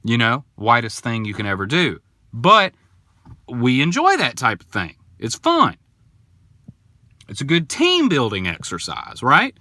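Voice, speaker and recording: A young man talks casually on his podcast, getting worked up as he tells a story and slipping into the voices of the people in it. His voice is bright and swings widely in pitch. The recording is dry and close, with no room sound. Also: measured pace, no echo. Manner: animated, indignant storytelling with quoted voices. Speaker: podcast host.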